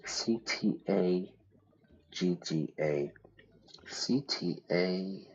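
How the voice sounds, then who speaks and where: A man talks through a detective game in a low voice at an unhurried pace. He reads the clues aloud and reacts loudly when things go wrong. The audio sounds a bit dull and lo-fi. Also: slight background noise. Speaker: streamer playing a detective game. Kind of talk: casual gameplay commentary.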